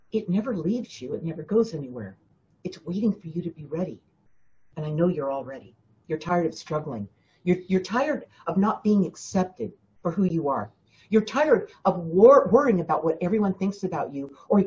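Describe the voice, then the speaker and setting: A woman's voice: lowish voice, animated, normal speed, warm tone, muffled recording. A woman hosting a spiritual coaching talk, speaking emphatically to her listeners, often repeating herself and addressing them directly. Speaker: spiritual teacher and host.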